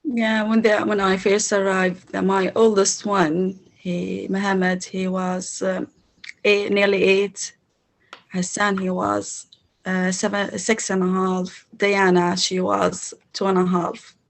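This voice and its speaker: Interview guest: woman from Syria, halting English full of pauses. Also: mid-range voice, level tone, vocal fry. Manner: non-native English, halting, with many pauses and fillers. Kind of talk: casual interview.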